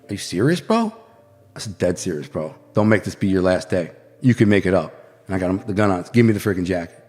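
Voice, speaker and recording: An American man from the Detroit area, a podcast guest telling crime stories in a casual, animated way and acting out gunshots and quotes. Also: medium pitch, big-room sound. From Detroit area, USA.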